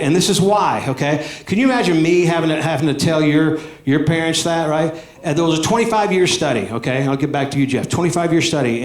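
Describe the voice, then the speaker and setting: A man, doing high-energy stand-up comedy with plenty of audience asides. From Alabama, US. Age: 50s. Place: comedy club stage. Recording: echoey club room.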